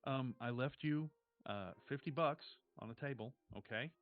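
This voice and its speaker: A man voicing a frazzled mother who is leaving with her kids, rushed, pushy and swearing. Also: mid-range voice, dull audio, faint music behind, natural voice. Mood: insistent.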